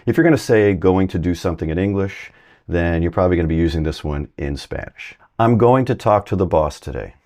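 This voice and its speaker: Man, deep voice, mellow tone, casual spanish teacher, chatty explanations. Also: brisk. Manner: relaxed, conversational explaining with examples. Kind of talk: casual language lesson.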